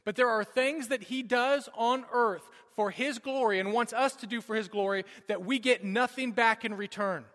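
A man in his thirties delivers a sermon, moving from loud urgency to near-whispered moments. His voice sits high and rings bright. A long reverb from a large hall trails each phrase. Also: normal speed, few pauses. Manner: dramatic storytelling, swinging from loud urgency to hushed. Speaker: pastor. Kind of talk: sermon with personal story.

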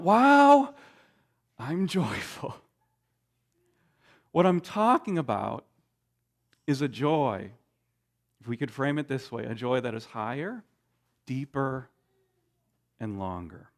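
A man preaching a sermon, emphatic, with dramatic pauses and frequent restarts. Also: a little high, lively intonation. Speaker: pastor.

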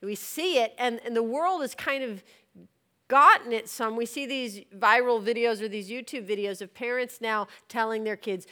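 A woman's voice: on the high side, moderate pace, fairly bright tone. A woman teaching in an earnest, conversational way, with light laughs between points. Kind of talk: teaching on deliverance and prayer.

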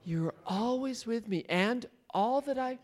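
A man's voice: extremely high pitch, expressive, measured pace. A man leading a Bible study, retelling a story and questioning his listeners, laughing often. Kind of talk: interactive Bible teaching.

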